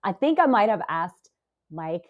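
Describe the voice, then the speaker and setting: A podcast guest in her forties recounts an emotional experience in casual interview style, full of hesitations and fillers. Her medium-pitched voice is sing-song and unhurried, and the audio sounds narrow and tinny.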